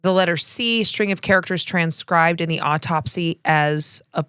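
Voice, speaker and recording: Low-voiced woman telling history. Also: moderate pace, a bit bright, clean tone, dry recording, clean studio sound. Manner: reads researched history conversationally, laughs often. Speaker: podcast co-host. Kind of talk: casual storytelling chat.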